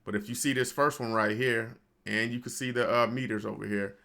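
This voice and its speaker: A man's voice: mid-range voice, fairly even intonation, brisk, creaky, bright, forceful tone. A man hosting a home studio tutorial, talking loosely and conversationally and addressing viewers as y'all. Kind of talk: casual screen-recorded software tutorial. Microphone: studio microphone.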